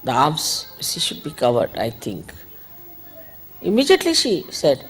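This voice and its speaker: A woman giving an informal spiritual talk, conversational and digressive, gently admonishing her listeners. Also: low voice, wildly swooping pitch, a little slow, pauses often, breathy edge, soft background music, rough recording. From India. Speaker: spiritual teacher.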